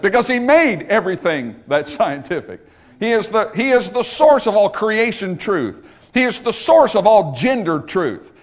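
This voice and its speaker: A pastor with a high, very animated voice preaches a sermon at normal speed. He's emphatic, building to forceful repetition through repeated rhetorical lines and questions.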